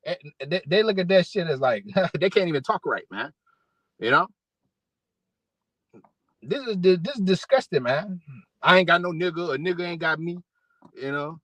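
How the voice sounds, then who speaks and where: A man's voice: sits high, sharp tone, no echo, rough recording. A man giving an angry, profane religious rant to camera as an online preacher, repeating himself and restarting often. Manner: profane, repetitive, many fillers and restarts.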